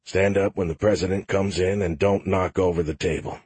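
A man voicing a blunt, quiet-spoken older army general in an audiobook. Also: low voice, steady tone, moderate pace, husky, dry recording. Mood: stern. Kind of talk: audiobook character voice.

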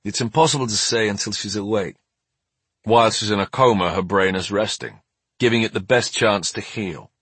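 A man voicing a steady, careful hospital doctor in an audiobook. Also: fairly low pitch, moderate pace, slightly rough, dry recording. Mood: calm. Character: calm, measured male hospital doctor.

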